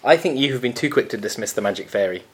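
A man's voice: medium pitch, expressive, fast. Playful man reading out listener questions. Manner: playful, easily amused, teasing. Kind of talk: casual podcast chat.

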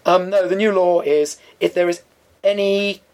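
A man co-hosting a podcast in a studio, talking in a dry, opinionated, deliberate way. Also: high voice, steady tone, a little mellow. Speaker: podcast co-host. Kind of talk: casual chat.

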